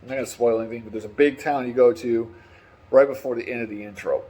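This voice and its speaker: A husky man at a middle pitch rambles through a casual opinion chat, swearing freely and getting worked up. His talk is loose and full of restarts. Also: fast. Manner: excitable, profane, rambling. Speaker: gaming vlogger.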